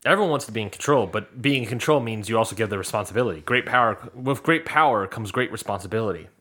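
A man's voice: lowish voice, lively intonation, fast talker, sharp tone. A man co-hosting a podcast, chatting casually and animatedly as he recaps episodes and acts out what people said. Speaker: podcast co-host.

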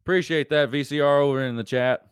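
A man's voice: on the high side, fast, smooth, dry recording, studio quality. A man with a Southern American accent hosting a live-stream show, ranting in a preachy, emphatic way and repeating lines for effect. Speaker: host.

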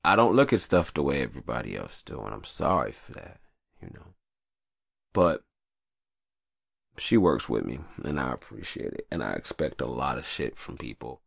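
A man's voice: a bass voice, gravelly, breathy edge, no room sound, clean studio sound. A man hosting a show, talking in a rambling, profane, confessional way from a hot upstairs room. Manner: profane, rambling, animated storyteller. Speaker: show host. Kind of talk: casual confessional monologue.

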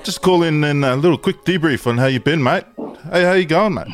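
A man's voice: on the high side, a little fast. A man hosting a casual podcast, laughing often and trading crude jokes. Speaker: podcast host.

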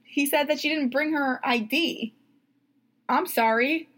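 Young female co-host, higher voice, animated chat, acts out quotes, laughs often. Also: measured pace. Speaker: podcast co-host. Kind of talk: casual chat.

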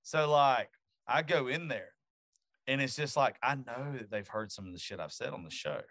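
A man's voice: medium pitch, normal speed, no room sound, clean studio sound. A man hosting a podcast, telling blunt, profane stories about his daughter in a casual chat. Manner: profane, animated storyteller. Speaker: podcast host.

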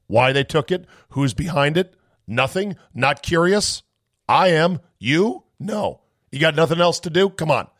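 A man's voice: no room sound, studio quality. Ranting, incredulous male podcast host. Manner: incredulous, ranting, swings from loud outbursts to low asides. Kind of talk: animated monologue and casual chat.

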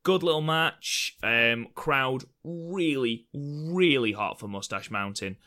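Bright-voiced chatty podcast man. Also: medium pitch, lively intonation, slow pace. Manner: chatty, jokey, swears casually. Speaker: podcast co-host. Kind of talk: casual wrestling review chat.

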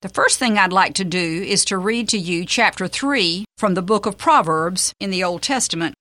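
A woman's voice: mid-range voice, normal speed, pushed and bright, no room sound. A woman hosting a Christian devotional radio program, talking earnestly and reading scripture.

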